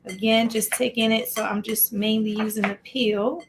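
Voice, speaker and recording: A woman with a slightly high voice hosts a relaxed live cooking stream from her home kitchen. She talks through each step as she chops and keeps greeting viewers by name. Soft clinks of dishes and pans sit faintly behind her. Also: moderate pace, background noise. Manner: chatty, greets viewers by name mid-task. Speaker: livestream cooking host. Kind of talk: casual live cooking demo.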